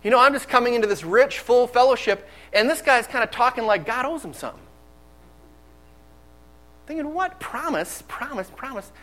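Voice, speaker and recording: High-voiced man preaching a candid sermon. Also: expressive, brisk, long pauses, fairly bright tone, low-quality recording. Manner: candid, conversational storytelling.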